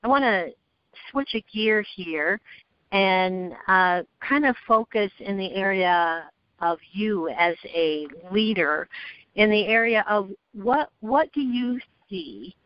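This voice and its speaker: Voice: medium pitch, lively intonation, slow, no room sound. A podcast host interviewing a guest, asking questions hesitantly with many fillers. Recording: dry, dull lo-fi recording.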